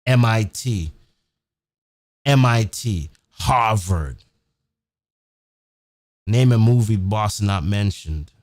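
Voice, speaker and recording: Speaking very slowly with frequent pauses, this man has a fairly low, slightly mellow yet animated voice, recorded at studio quality without echo. He hosts a live-streamed podcast from home near a big city, ranting emphatically, swearing, repeating himself, and tacking "man" onto his sentences.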